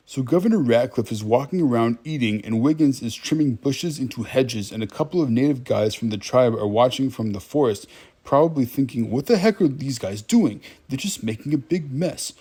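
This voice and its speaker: A man's voice: medium pitch, darkish tone, slightly rough. A man giving a casual, wry movie recap, chatting directly to his viewers.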